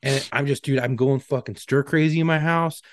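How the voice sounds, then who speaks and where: This podcast co-host, a man in his thirties, speaks at a moderate pace with a steady, medium-pitched tone. In casual chat he bluntly recounts his pain and his doctors, swearing along the way, and the sound is dry and studio-clean.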